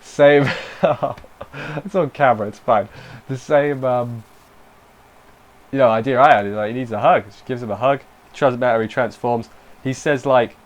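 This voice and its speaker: A young man talks through an anime episode in a loose, rambling way. His voice sits at an ordinary middle pitch, and he keeps cutting himself off to add emotional asides. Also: moderate pace. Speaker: anime reviewer. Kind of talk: casual spoken review.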